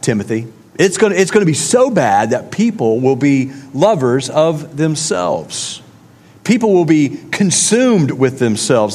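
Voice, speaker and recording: A man's voice: a little high, darkish tone. Guy preaching, chatty, keeps repeating lines, big echoey church hall. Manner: conversational preaching with emphatic repetition. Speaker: pastor. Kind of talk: sermon. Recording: long reverb of a large hall.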